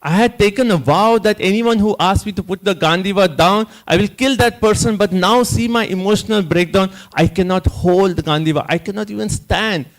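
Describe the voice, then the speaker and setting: A distraught male warrior in the middle of a breakdown, pleading in a raised, higher voice, as a man speaking to a class puts him on. The pleas come in short, broken phrases. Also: fairly quick, few pauses.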